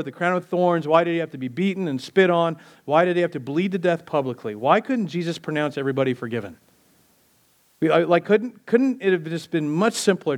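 A male pastor preaches a sermon in a conversational style, firing off rhetorical questions and dropping low and slow on key phrases.

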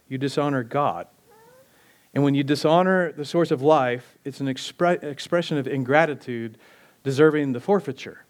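A male pastor preaching a sermon in a conversational style, firing rhetorical questions and dropping low and slow on key phrases.

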